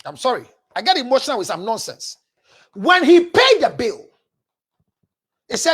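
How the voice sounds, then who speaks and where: A woman with a Ghanaian accent, a counselor preaching relationship advice, forceful and scolding, often raising her voice. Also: sits high, sing-song, normal speed, husky.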